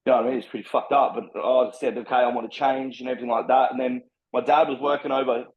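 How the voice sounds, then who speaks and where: A man's voice: medium pitch, fairly even intonation, fast talker, highs cut off. Australian man, frank and rambling. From Brisbane, Australia. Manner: rambling, frank and heavily profane. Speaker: podcast guest. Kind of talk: candid personal storytelling.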